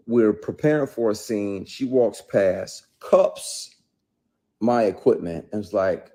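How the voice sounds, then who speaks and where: This middle-aged actor has a fairly low, warm voice and talks a little slowly. Telling his story in a candid conversational interview, he's blunt and emphatic about his acting work, using plenty of profanity with mounting intensity.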